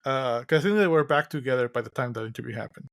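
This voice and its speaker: Guy cohosting a pod, rambly and wry, lots of stops and restarts, mid pitch. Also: fast. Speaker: podcast co-host. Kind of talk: casual chat recapping a film.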